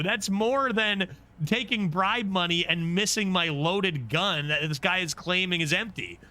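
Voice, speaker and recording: A man streaming a video game, commenting casually in an excitable, self-mocking way. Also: a little high, normal speed, a little hiss or hum. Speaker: gaming streamer. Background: game music.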